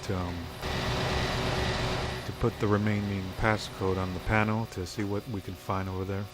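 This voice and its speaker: Low-voiced man narrating a game. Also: moderate pace. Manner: relaxed, rambling, many "um" fillers. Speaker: let's play commentator. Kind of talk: casual gameplay commentary. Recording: game music playing behind. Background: game music.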